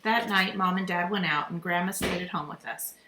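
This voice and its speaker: A woman reading a children's chapter book aloud in a steady, clear storytelling manner. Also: lowish voice, brisk. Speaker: reader. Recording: echoey room, faint noise.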